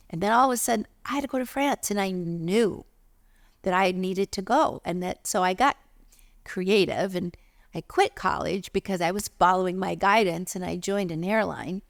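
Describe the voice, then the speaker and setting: A middle-aged woman, a spiritual teacher, tells a personal story in a lively way and acts out the voices of other people. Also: mid-range voice, gravelly, dry recording, clean studio sound.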